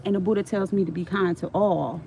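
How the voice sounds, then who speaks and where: Middle-aged woman, gravelly voice, livestream storytelling, frank and streetwise, swears freely. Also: lowish voice, fairly even intonation, fairly quick, warm tone, a little hiss or hum, poor audio.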